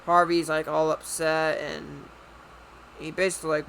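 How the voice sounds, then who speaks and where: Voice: mid-range voice, level tone, unhurried, gravelly, fairly bright tone, a little hiss or hum, poor audio. A video reviewer talking casually and loosely, rambling a bit and swearing now and then.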